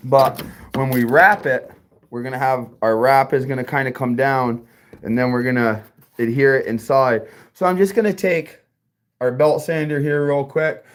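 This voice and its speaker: A man giving a casual workshop build tutorial as a car audio installer, chatty and profane, talking straight to his viewers. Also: medium pitch.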